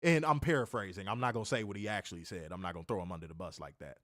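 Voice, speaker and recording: A man's voice: low voice, rapid-fire, fairly bright tone, no room sound, clean studio sound. A man hosting a wrestling show, telling a story in a casual, rambling way. He repeats himself, corrects himself and swears.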